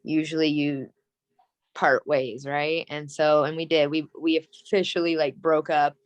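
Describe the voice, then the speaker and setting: Woman, 30s, interview guest; low, dry voice; earnest, rambling storyteller. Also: level tone, unhurried, no echo. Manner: rambling, frequent "like" and "you know"; earnest and emotional. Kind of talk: candid personal storytelling.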